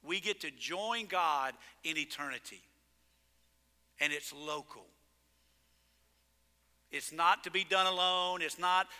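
A male pastor preaching a sermon in a church, telling stories in an animated way and hitting words with sudden loud emphasis. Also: on the high side, slow pace, long pauses, smooth. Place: church sanctuary. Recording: long reverb in a church sanctuary.

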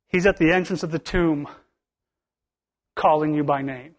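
A man's voice: a little high, steady tone, normal speed. A male pastor preaching a sermon to his church, building to emphatic bursts with much repetition.

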